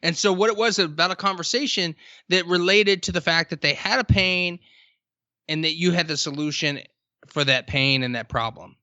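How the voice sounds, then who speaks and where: A man talking casually on a podcast, telling stories with emphatic, drawn-out stresses. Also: fairly high pitch, pushed and bright, no echo, dull audio.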